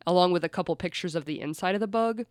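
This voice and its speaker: Podcast host, mid-pitched, chatty true-crime storyteller who swears freely; dry, close recording. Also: fast talker, clear, resonant tone, no echo.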